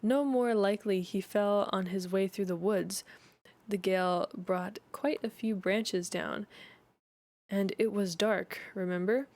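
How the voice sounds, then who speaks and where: A man's voice: high voice, fairly even intonation, unhurried, a little mellow. A woman voicing an earnest, uneasy young Englishman in a storybook reading, with stumbling restarts in her lines.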